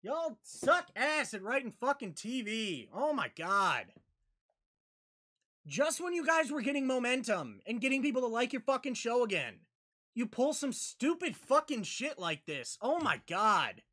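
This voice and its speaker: Profane, yelling man reacting to a show. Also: very high-pitched, sing-song, a little slow. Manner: profane, yelling outbursts at the screen. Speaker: reaction video host. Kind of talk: live reaction commentary.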